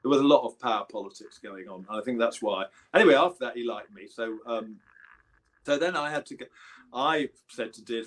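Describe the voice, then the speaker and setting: Heard through a low-quality recording, this man talks fairly quickly in a medium-pitched, fairly bright voice. A guest musician from England in his seventies, he rambles through anecdotes in a relaxed storytelling interview, fixing his own details as he goes.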